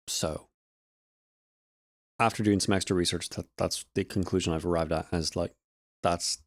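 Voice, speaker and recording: A man's voice: fairly low pitch, dry recording. A man casually explaining audio harmonics in a vlog, rambling and correcting himself with joking asides. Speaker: audio student vlogger.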